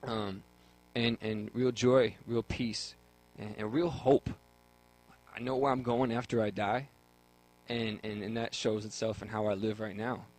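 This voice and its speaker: A man's voice: on the low side, little pitch movement, a little slow, a little mellow, low-quality recording. Earnest young man sharing his faith. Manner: earnest, repeats words when starting a thought. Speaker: guest sharing his testimony. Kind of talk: earnest faith testimony on talk radio.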